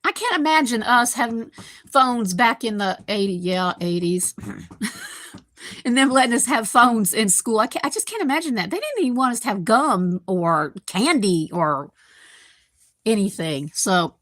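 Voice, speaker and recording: Woman in her fifties, a bit high-pitched, rambling and chatty host on a home live stream, dry close sound. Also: sing-song, moderate pace, fairly bright tone, no echo. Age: 50s. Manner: rambling, chatty, talks to viewers by name. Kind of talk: casual live-stream chat. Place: home kitchen. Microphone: computer microphone.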